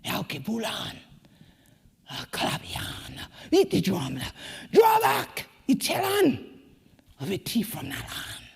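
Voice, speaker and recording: A woman with a Gullah Geechee accent, from the Sea Islands, giving a rhythmic spoken-word keynote that swings between whispers and shouts. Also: medium pitch, huge pitch swings, slow pace, vocal fry, slightly rough, long reverb tail. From Sea Islands of the American Southeast. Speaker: community leader and keynote speaker.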